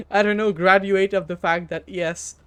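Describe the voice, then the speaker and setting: A woman's voice: mid-range voice, steady tone, measured pace, fairly bright tone, clean tone. A woman streamer with a French accent, chatting casually while gaming, teasing herself, stammering and giggling.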